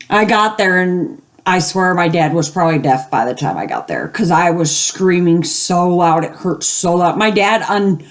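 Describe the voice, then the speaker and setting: Older woman, casual storyteller, rambling, acts out quoted voices, at home. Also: on the low side. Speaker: gaming video host.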